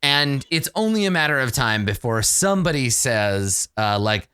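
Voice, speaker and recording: A man narrating as game master of a tabletop game, animated and quick to laugh. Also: medium pitch, smooth, no room sound, clean studio sound. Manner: animated, laughing often, halting with restarts.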